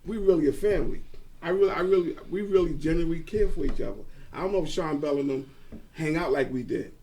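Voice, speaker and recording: A middle-aged man, a former coach, reminiscing about his team in a halting way, repeating words as he gets excited. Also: fairly high pitch. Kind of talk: reminiscing conversation.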